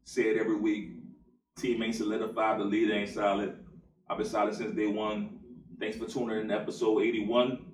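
A man's voice: on the low side, completely flat delivery, a little fast, roomy sound, far from the mic, poor audio. A man hosting a podcast, loose and joking, signing off the episode in casual chat. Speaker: podcast host.

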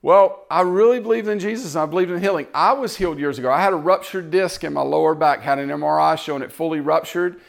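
A man's voice: a little high, quick pace, gravelly, few pauses. A man preaching in a casual storytelling way, acting out the lines of the people in his story. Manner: animated, acts out quoted exchanges. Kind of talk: storytelling sermon.

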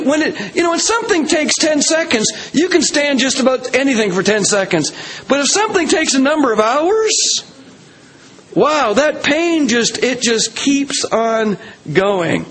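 A man's voice: very high voice, very animated, unhurried, fairly bright tone, poor audio. A man preaching a sermon to a congregation, earnest and emphatic, stacking repeated phrases to build his points. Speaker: pastor. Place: church hall with a congregation.

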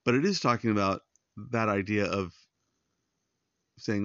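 A man's voice: fairly low pitch, a little slow, pauses often, fairly bright tone, dry recording, muffled recording. A man hosting a devotional podcast, giving earnest, conversational Bible teaching straight to his listeners. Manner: earnest, pastoral, addresses listeners directly.

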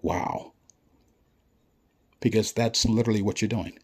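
A man's voice: fairly low pitch, a little slow, gravelly, husky. A man giving a blunt, profane ranting monologue, lecturing the listener and repeating himself for emphasis. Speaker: vlogger.

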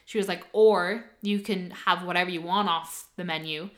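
A woman's voice: on the low side, normal speed. A young woman, casually telling a story and acting out the voices of the people in it. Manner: animated, quoting others in lively voices.

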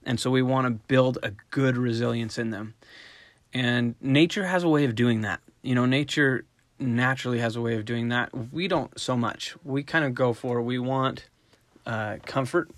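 A middle-aged man, a dog trainer, giving a relaxed, conversational talk on raising puppies and sometimes acting out short voiced examples. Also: medium pitch, moderate pace, no room sound. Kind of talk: casual instructional talk.

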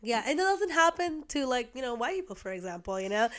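A young woman from Peru chatting casually, animated and acting out quoted people. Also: on the high side, fast. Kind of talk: casual chat.

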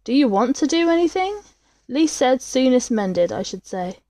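A woman's voice: high-pitched, big pitch swings, normal speed, mellow, no echo. Macfarlane, a woman reading as a sneering young doctor. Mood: coolly persuasive. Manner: cool, sneering. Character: scheming cynical young male doctor.

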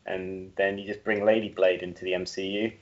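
A man's voice: sits low, little pitch movement, brisk, highs cut off. A man co-hosting a podcast, chatting casually and playfully riffing on ideas. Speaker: podcast co-host. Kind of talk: casual chat.

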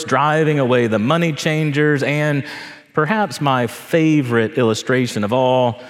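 A middle-aged man, a priest, delivering a sermon in a slow, deliberate way with measured pauses. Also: medium pitch. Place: church. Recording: long reverb of a church hall.

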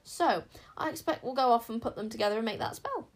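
Brisk, courteous young bodyguard, quick-witted, from a woman storyteller. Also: fairly high pitch, expressive. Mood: brisk polite. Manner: brisk and polite.

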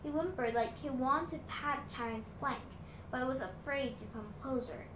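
A woman's voice: high voice, moderate pace, background noise. A woman reading a novel aloud in plain storytelling, with small slips, recorded at home in an echoey room. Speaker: reader.

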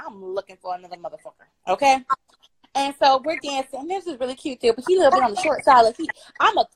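A young woman from Florida telling a true story on a live stream, loud, bubbly and playful, swearing freely. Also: on the high side, no room sound, poor audio. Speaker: guest storyteller.

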